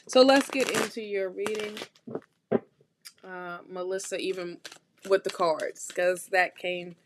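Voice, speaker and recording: A woman giving a live tarot reading, talking straight to her viewers in a warm, encouraging, chatty way with lots of repeats and restarts. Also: on the low side, a little hiss or hum. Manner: loose, chatty phrasing with restarts. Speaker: tarot reader hosting a live stream.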